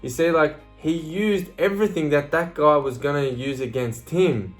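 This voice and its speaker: Guy doing a blunt motivational talk, swears a lot, keeps saying right? and you know, soft music behind. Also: a little high, normal speed, few pauses. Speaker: motivational speaker. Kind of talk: casual motivational talk to camera.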